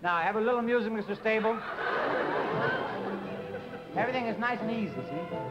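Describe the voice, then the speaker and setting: A man playing an impatient, smooth-talking dance teacher who scolds and coaxes his pupil in a 1950s TV sketch. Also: high voice, brisk, over loud music, over a noisy crowd, close to an everyday voice. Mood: bossy. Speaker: comic actor in a sketch. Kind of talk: 1950s live TV sketch comedy. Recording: dull 1950s broadcast with studio audience laughter.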